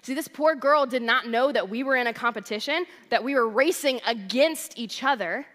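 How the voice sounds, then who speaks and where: A woman's voice: fairly high pitch, moderate pace, a bit bright, in a large hall. A young adult woman, a worship director, giving a sermon in a chatty storytelling way. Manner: chatty storytelling, addresses crowd as "you guys". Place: church hall.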